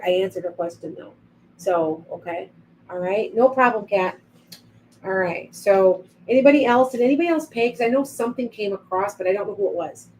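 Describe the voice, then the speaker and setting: A middle-aged woman chats loosely through a live psychic reading stream, drifting between tangents and replies to viewers. Her voice sits at an ordinary pitch for a woman. A faint hiss of noise runs under her webcam sound. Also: dark tone, low-quality recording. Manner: chatty, rambling, reads viewer comments aloud. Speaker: psychic livestream host. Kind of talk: casual live-stream chat.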